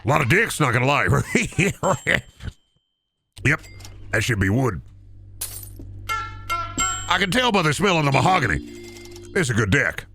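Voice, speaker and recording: A man voicing a boastful everyman deck-building contractor, rambling through a swaggering sales pitch in a comedic improvised bit. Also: wildly swooping pitch, measured pace, pauses often, music in the background, heavily acted.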